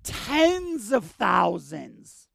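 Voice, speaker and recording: A jealous, self-pitying ancient king whines in a high, complaining voice, as a preacher puts him on. His tone is petulant and wounded, with a rough, gravelly edge. The sound is dry and close. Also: huge pitch swings, very slow, bright, forceful tone, no echo, heavily acted. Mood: whiny. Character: whiny, jealous ancient king, grown man.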